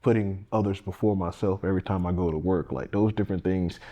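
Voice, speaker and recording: In a quick, warm, steady low voice, this man, a firefighter running for Congress, gives a casual interview. His delivery is earnest and plain, and he often starts his sentences over.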